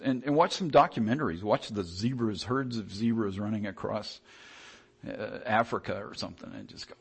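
A man preaching a sermon in a conversational, animated way, often restarting his sentences. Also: lowish voice, normal speed, gravelly, breathy edge.

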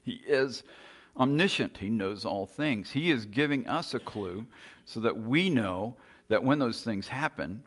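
Earnest preacher with a mid-pitched voice. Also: male voice, lively intonation, a little slow. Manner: earnest, emphatic, swings between soft and loud. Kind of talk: sermon.

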